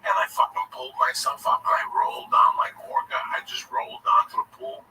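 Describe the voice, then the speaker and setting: A man telling a long personal story in casual, profane speech, often calling his listener by name. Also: a little fast. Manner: profane, animated, keeps addressing the listener by name. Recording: distant mic with faint background noise.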